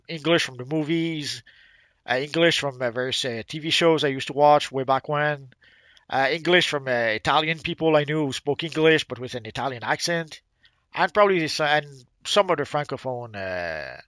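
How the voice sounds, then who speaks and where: A man's voice: medium pitch, a bit bright, no room sound, studio quality. A man from Quebec with a Quebec French accent, French his first language, chatting rambly on a live game stream and answering viewers. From Quebec, Canada.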